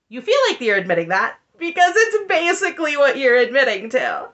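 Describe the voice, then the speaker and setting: A woman's voice: sits high, wildly swooping pitch, fairly quick, few pauses, fairly bright tone, highs cut off. A woman recapping a reality show in casual commentary, sarcastic and exasperated. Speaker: recap vlogger.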